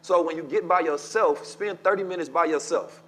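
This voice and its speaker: A man's voice: on the high side, moderate pace, fairly bright tone. A man with in a casual podcast conversation, talking in a preachy, emphatic way and often asking "right?". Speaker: podcast co-host.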